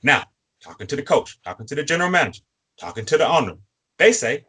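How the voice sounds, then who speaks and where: Husky-voiced man, fired-up fan talk. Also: fairly high pitch, sing-song, fast talker, fairly bright tone. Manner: preachy, repetitive, addressing a player directly. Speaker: co-host. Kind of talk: fan sports podcast talk.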